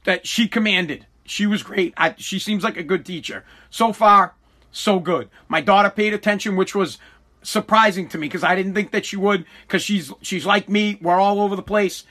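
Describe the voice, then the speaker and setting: A middle-aged man hosting a podcast, delivering an animated, mock-pompous comedic rant full of swearing. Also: high-pitched, moderate pace. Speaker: podcast host.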